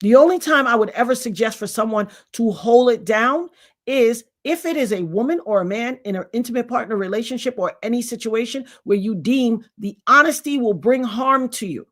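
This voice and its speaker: A woman's voice: fairly high pitch, animated, normal speed, a bit bright. A middle-aged woman giving a blunt, emphatic commentary monologue, lecturing her viewers directly. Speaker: vlogger.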